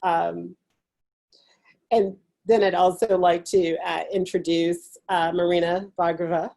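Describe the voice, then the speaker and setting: A woman's voice: fairly low pitch, steady tone, slow pace, gravelly, mellow, rough recording. A woman with a Southern US accent moderating a webinar, introducing panelists with hesitant, filler-heavy speech. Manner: hesitant, many fillers, apologetic. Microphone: video call.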